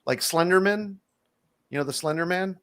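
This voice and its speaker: A man's voice: sits high, normal speed, a crowd in the background. A man co-hosting a morning show, bantering casually and riffing on jokes and callbacks. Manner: animated, jokey storyteller who riffs on callbacks. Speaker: radio show co-host.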